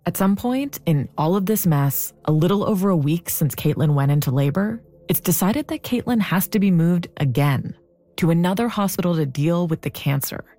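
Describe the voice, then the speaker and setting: A woman narrating a podcast story in a measured, composed way. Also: lowish voice, lively intonation. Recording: soft music bed underneath.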